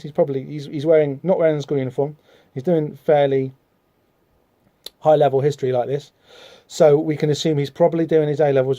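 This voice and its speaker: A man talks through a comic book in a loose, rambling way, full of fillers and asides. His voice sits a little high and sounds mellow and soft-edged. The recording is dull and dry, as if made at home on a modest mic. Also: dry recording. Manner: rambling, chatty, many fillers, reads out dialogue in voices. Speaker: podcast host. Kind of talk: casual comic-book discussion.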